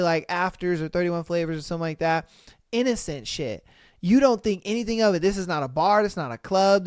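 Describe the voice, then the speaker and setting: A man with a high-pitched, clear and resonant voice hosts a podcast, recorded in studio quality with no room sound. He reads dating stories aloud and reacts with slangy, exclamatory rants, calling his listeners bro, in casual reaction commentary.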